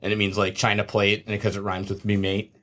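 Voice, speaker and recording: Speaking fast in a lowish voice, this New Jersey man co-hosts a laid-back comedy podcast. He keeps the mood lively, cracking jokes and laughing often.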